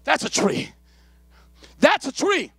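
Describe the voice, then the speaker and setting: A male pastor preaching a live church sermon with impassioned repetition and calls to the congregation, at times shouting, at times dropping low. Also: big pitch swings, slow pace, gravelly, no echo. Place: church sanctuary during a live service.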